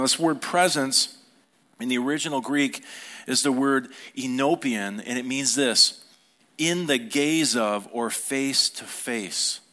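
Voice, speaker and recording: A man's voice: medium pitch, pushed and bright. A middle-aged male pastor delivering a Sunday sermon. His speech is conversational, and he often turns to the congregation with questions.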